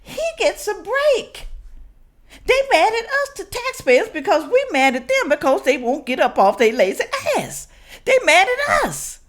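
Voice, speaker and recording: A woman from Memphis, hosting a reaction video and giving blunt, animated commentary to her viewers. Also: very high-pitched, unhurried. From Memphis, Tennessee. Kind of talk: casual commentary.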